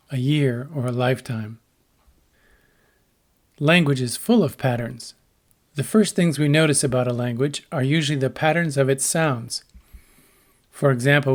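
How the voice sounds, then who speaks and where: A man giving a scripted educational narration about language, speaking in a measured, explanatory way and voicing short example sentences. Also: mid-range voice. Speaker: lecturer on translation.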